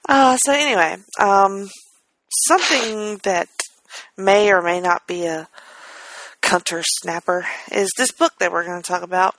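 A woman co-hosting a casual podcast, quick to laugh and filling her speech with ums and uhs. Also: medium pitch, no room sound, rough recording. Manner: animated and quick to laugh, with lots of fillers. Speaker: podcast co-host. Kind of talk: casual chat.

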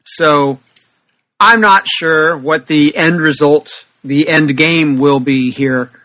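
A man's voice: fairly high pitch, slow, sharp tone, low-quality recording. A man co-hosting a casual comics podcast, talking in an easygoing, wry way. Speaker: podcast co-host. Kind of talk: casual chat about comics.

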